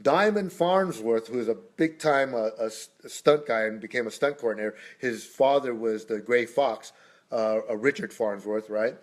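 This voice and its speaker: A man's voice: mid-range voice, moderate pace. A middle-aged man telling rambling stories as a guest speaker, breaking off now and then to greet passersby. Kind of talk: casual storytelling.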